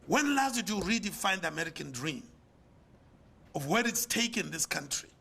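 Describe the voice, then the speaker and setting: A man's voice: very animated, moderate pace, vocal fry, sharp tone, breathy edge. An older man with a South African accent giving a conference lecture with a preacher's rhetorical, emphatic cadence. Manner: rhetorical, emphatic, swings in pitch and volume. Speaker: conference speaker, pastor. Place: lecture hall.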